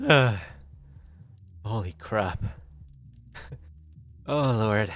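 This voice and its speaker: Slow, giggly male VTuber streamer. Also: mid-range voice. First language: not English. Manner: giggly, stammering, repeating himself. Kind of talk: casual livestream chat.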